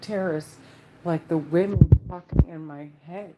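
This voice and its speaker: A woman's voice: on the low side, measured pace, heavy background noise. A woman vlogger talking to camera in an agitated, repetitive, rambling monologue. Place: at home, doing her makeup.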